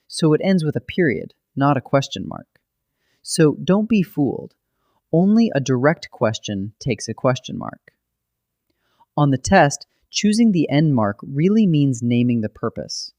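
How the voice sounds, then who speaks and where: A man narrating a scripted grammar lesson, explaining rules in a steady, methodical way. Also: medium pitch, dry recording, studio quality. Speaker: grammar teacher.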